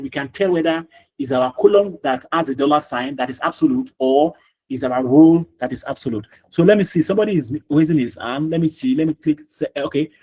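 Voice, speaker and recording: A man's voice: fairly high pitch, darkish tone, breathy edge, rough recording. A man teaching a live online class over a video call, repeating himself and quizzing students by name.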